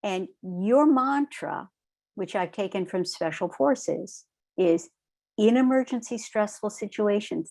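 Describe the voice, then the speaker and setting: A woman trainer speaks slowly and deliberately, giving a lesson in a calm, steady manner. She is middle-aged and often pauses to check in with her listeners. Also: mid-range voice, vocal fry. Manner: calm, measured, repeats "right?" to check in. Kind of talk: recorded online training lecture.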